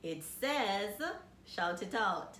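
A woman's voice: medium pitch, lively intonation, extremely slow, fairly bright tone. A woman teaching a grammar lesson to children, patiently spelling out letters and asking questions. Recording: echoey room with faint noise.

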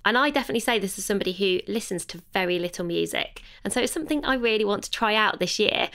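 A woman's voice: medium pitch, lively intonation, fast talker, fairly bright tone. Give me a reflective woman co-hosting a podcast, hesitant and thoughtful. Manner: reflective, hesitant, full of fillers. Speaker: podcast co-host. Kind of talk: casual podcast chat.

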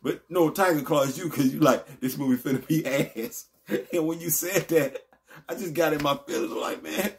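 Animated slangy man ranting on his vlog. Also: moderate pace. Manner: animated, goes high-pitched when frustrated; rambling, slangy, laughs often. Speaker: vlog host.

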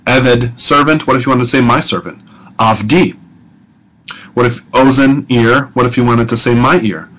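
A man teaching a biblical Hebrew grammar lesson in a relaxed, conversational way, asking rhetorical questions and often filling pauses with "um" and "okay.". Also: mid-range voice, low-quality recording. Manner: conversational, asks rhetorical questions, frequent ums and okays, chuckles. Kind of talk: recorded lecture audio guide.

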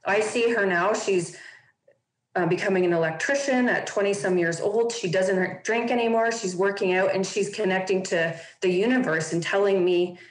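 A woman's voice: mid-range voice, normal speed, reverberant, rough recording. A woman guest on a podcast, telling a personal story openly and earnestly, with lots of casual fillers.

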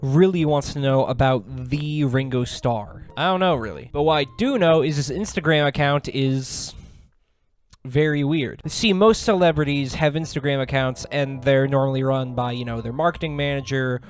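A young man giving comedic commentary with deadpan jokes and sudden laughs. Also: medium pitch, normal speed, smooth. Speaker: commentary YouTuber.

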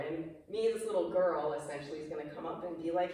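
A woman in her fifties tells a personal story to a small audience in a clubhouse room, chatty and emotional, slipping into the voices of the people she quotes. Her voice sits a little low. The mic is set back from her, so the room adds heavy echo and a faint hiss. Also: fast talker, hardly any pauses, darkish tone. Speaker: speaker giving a presentation. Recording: echoey room, mic far off.

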